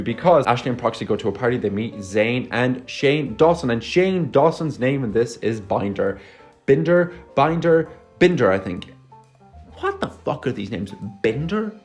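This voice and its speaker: A man's voice: mid-range voice, a little mellow. Sarcastic man ranting about a movie. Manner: sarcastic, swearing, exasperated. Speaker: movie reviewer. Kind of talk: casual movie review rant. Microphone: phone.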